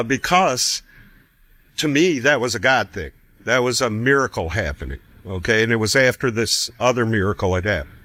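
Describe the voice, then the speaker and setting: A man's voice: medium pitch, dry recording. A middle-aged man telling a personal story in a casual way, acting out the voices of others and chuckling often. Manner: animated, acts out quoted voices, chuckles often. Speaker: guest telling his story.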